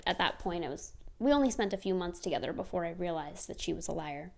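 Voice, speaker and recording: A young adult woman telling personal stories to camera in a casual, chatty way, with emphatic, sardonic asides. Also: medium pitch. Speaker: vlogger.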